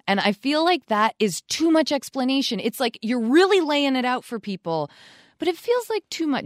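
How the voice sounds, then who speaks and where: A woman's voice: mid-range voice, no room sound. Chatty woman podcast co-host, dry sound. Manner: chatty, laughs often, says "like" a lot. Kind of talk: casual etiquette advice chat.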